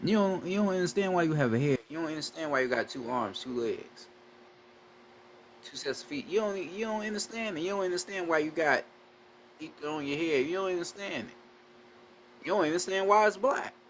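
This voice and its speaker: A somewhat high-voiced man lecturing his viewers on spirituality, swearing freely and hammering the same points over and over. He talks straight to the listener in a preachy, confrontational way, with a faint hiss behind him. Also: lively intonation, normal speed. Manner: profane, repetitive, lecturing the viewer directly. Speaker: spiritual video creator.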